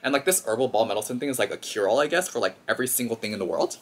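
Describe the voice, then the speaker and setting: A man recaps a film for his vlog in a loose, chatty way. His talk is animated and full of fillers, with a mid-range voice. He sounds like he is talking with a friend. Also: medium pitch, very fast. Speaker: vlogger.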